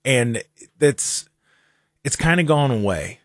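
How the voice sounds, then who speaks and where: A man's voice: mid-range voice, lively intonation, takes it slowly, a bit bright, dry recording, studio quality. A man hosting a talk show in casual chat, earnest and prone to repeating words as he talks. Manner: earnest, repeats and restarts words when talking. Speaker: radio talk show host.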